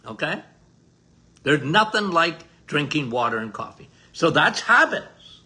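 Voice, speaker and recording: A man's voice: on the high side, big pitch swings, unhurried, sharp tone. An older man, a doctor hosting a podcast, giving a casual health talk in an emphatic, repetitive, folksy way.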